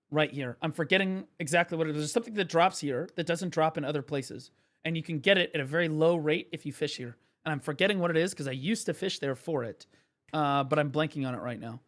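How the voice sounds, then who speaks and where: A young man streaming a game, ranting and swearing excitedly as he explains it. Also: fairly high pitch. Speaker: gaming streamer. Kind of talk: live gaming commentary.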